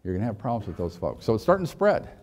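A man's voice: lowish voice, big pitch swings, racing, darkish tone. A man leading a leadership training session, telling a parable and asking the audience questions. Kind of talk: workshop talk with a parable.

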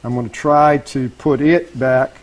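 Medium in pitch and steady, he speaks at a measured pace on a rough recording with faint background noise. It's a live woodworking demonstration: he talks through his work for the audience, restarts phrases as he corrects himself, and checks in with the room.

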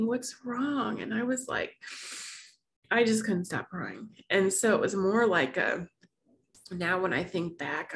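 This woman hosts a wellness challenge vlog, and her fairly low, fairly bright voice carries over slight background noise. She tells a personal story in a rambling, emotional way, laughing often and restarting her sentences.

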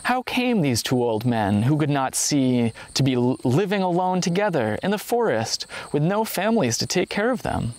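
A man reading a traditional folktale aloud in a measured, expressive storytelling manner. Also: on the high side. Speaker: story reader.

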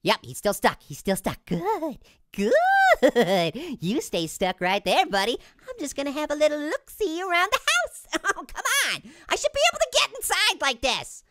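A woman giving excitable, jokey let's-play commentary as a video game streamer, talking to her viewers as she plays. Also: high voice, normal speed, no room sound.

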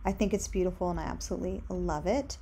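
A young woman talks fast in a lowish, mellow voice, casually clicking through design tools for a screen-share tutorial. As a candle brand owner, she sounds upbeat and keeps piling on recommendations. There's a little hiss or hum underneath.

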